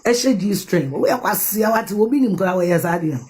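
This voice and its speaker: A woman with a Ghanaian accent tears into someone in a furious rant, hammering the same insults again and again. Her voice is very husky and breathy throughout, and her pitch sits in an ordinary middle range for a woman. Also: expressive, a little fast, darkish tone. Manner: insulting, scolding, repeats her jabs. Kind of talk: angry ranting commentary.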